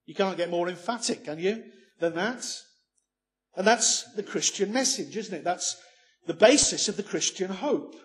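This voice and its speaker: Man, preacher, sermon, emphatic, rhetorical questions, slightly high voice.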